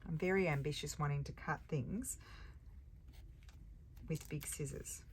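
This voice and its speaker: Speaking low and a little slowly, a woman crafting at her table thinks aloud and corrects herself while narrating the casual session for her vlog. The recording is clear, with background noise and clicking from her crafting.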